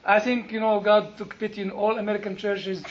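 Man, sermon, very high pitch, humorous storytelling, dull lo-fi recording. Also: brisk. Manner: animated, humorous storytelling with quoted exchanges. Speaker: preacher.

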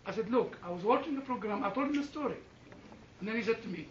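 A man's voice: high-pitched, expressive, quick pace, slight background noise. A man telling an anecdote to a listening audience, often chuckling and restarting his sentences, recorded from a distance in a roomy space. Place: room with an audience. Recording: roomy, distant, dull sound.

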